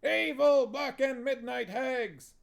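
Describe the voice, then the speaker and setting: A man's voice: slow pace, gravelly, full character voice. A man shrieking as a rowdy coven of old hags. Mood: gleeful. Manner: shrill yelling in unison. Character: rowdy chorus of old witches.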